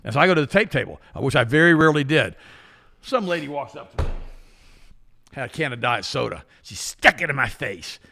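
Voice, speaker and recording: An older man co-hosting a health talk show, telling stories in a casual, animated way and acting out the people he quotes. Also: mid-range voice, a little fast, gravelly. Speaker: co-host. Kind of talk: casual storytelling chat.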